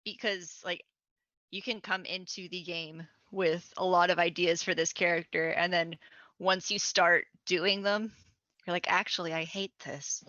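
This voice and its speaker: A woman on a tabletop gaming panel, thinking aloud in a halting way with many restarts, recorded with dull, muffled audio. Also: lowish voice, fairly even intonation, pushed and bright, dry recording. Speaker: tabletop game player, panelist. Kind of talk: casual panel chat.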